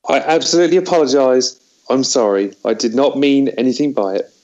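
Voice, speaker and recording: A man's voice: mid-range voice, expressive, fairly quick, a little mellow, muffled recording, lightly acted. A man playing a meek, sorry crew member. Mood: sheepish. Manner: meek, apologetic. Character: flustered male crew member apologising.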